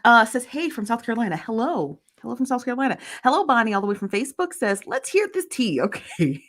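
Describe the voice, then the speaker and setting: A woman's voice: a little high, very animated, fast talker, a bit bright. A woman hosting a casual livestream, chattily greeting viewers by name and reading their comments aloud. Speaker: livestream host. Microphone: phone.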